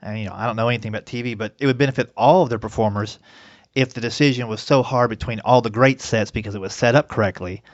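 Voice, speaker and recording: A man's voice: mid-range voice, fast talker, no echo. A man hosting a podcast, chatting casually with a guest and giving his own thoughts between brief replies. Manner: brief backchannels and reflective comments. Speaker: podcast host. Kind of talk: casual interview chat. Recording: dry, slightly dull lo-fi audio.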